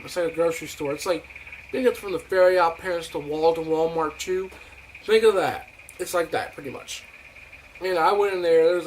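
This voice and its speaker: Young dude ranting on his vlog, kinda high voice, cussing a lot, hissy noisy recording. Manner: profane, rambling, with many fillers and acted-out quotes. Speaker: vlogger.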